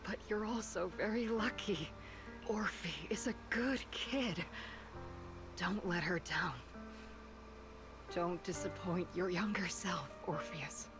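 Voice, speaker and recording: An actress voicing a grieving young woman in a game cutscene, speaking softly and half-whispered as she pleads with a lost partner. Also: lowish voice, slow, pauses often. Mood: tender. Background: clear score music.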